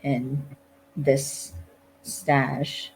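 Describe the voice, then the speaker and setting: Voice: medium pitch, level tone, very slow, vocal fry, a little hiss or hum, low-quality recording. A podcast co-host in casual chat, retelling things loosely with many "like" fillers.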